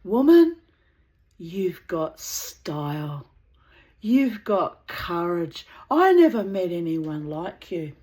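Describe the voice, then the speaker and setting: A man's voice: high-pitched, big pitch swings, slow, darkish tone, heavily acted. Woman quoting a brash flirty tattooist man. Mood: flirtatious. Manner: blunt, crude come-ons. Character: rough male neo-Nazi tattooist, brash and flirtatious.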